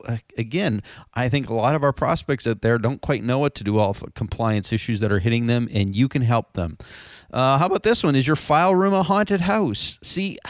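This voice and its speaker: A man's voice: medium pitch, no echo, studio quality. Chatty man hosting a podcast. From Canada. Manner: chatty, upbeat, many fillers and restarts. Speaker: podcast host. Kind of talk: casual industry podcast monologue with news. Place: studio.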